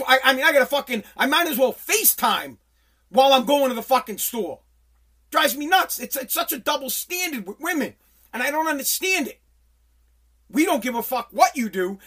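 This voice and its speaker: A man's voice: very high voice, pushed and bright. A man hosting a solo podcast, ranting in an angry, profane way with lots of stumbling restarts. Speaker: podcast host.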